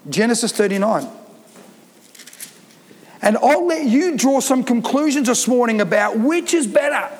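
A man preaching a sermon as pastor, emphatic and insistent, driving home his points. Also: very high voice. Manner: emphatic, preaching with rising intensity. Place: church hall. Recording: reverberant church hall.

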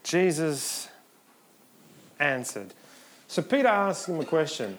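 A man preaches a sermon to his congregation. His voice sits a little high. He talks casually with them and reads scripture with rising emphasis. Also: sing-song, slow pace. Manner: conversational, rising to emphatic reading.

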